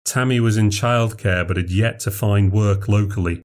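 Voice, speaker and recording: A man with a British accent narrating a horror story in a measured, dry way. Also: lowish voice, darkish tone.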